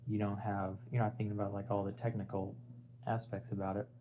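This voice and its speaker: A man's voice: fairly low pitch, level tone, brisk, narrow, tinny audio, slight background noise. A young man talking casually about an album, rambling and searching for words as he goes. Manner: rambling, filler-heavy, restarts and searches for words. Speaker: music video essayist. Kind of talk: casual unscripted album talk.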